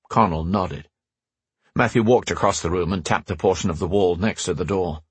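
A man's voice: low voice, normal speed, slightly rough, dry recording. A man narrating a novel as an audiobook, telling the story expressively into a close mic. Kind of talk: scripted narration.

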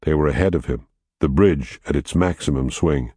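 Deep-voiced man reading a story. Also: slightly rough, dry recording, studio quality. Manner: measured, steady, quietly dramatic. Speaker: narrator. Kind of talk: audiobook narration.

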